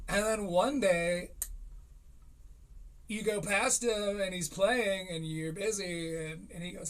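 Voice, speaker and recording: A man's voice: high voice, slow, long pauses. A man in his thirties giving rambling, profane comedic commentary on a live stream. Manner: rambling, profane, animated impressions.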